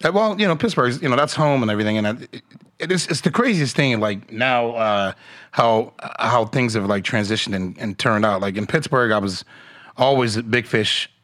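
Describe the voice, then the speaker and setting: Comedian dude rambling, lots of restarts, bright voice. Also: male voice, medium pitch, normal speed. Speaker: comedian guest. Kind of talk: casual chat.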